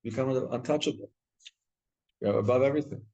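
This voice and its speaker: A man, a rabbi, teaching a live Torah class with animated storytelling, often repeating and restarting words. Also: mid-range voice, fast talker, low-quality recording. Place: synagogue study hall.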